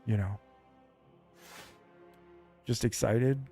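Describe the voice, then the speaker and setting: A man's voice: medium pitch, extremely slow, long pauses, soft background music. A man streaming a video game, chatting casually with his viewers in a loose, rambling way full of fillers. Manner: rambling, relaxed, lots of fillers.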